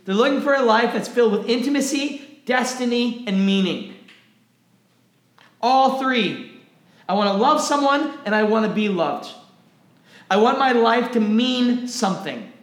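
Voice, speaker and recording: A man with a fairly high voice preaches a sermon in an animated way, stumbling over repeated words as his energy rises. His voice rings in an echoey church room. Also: measured pace. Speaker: pastor.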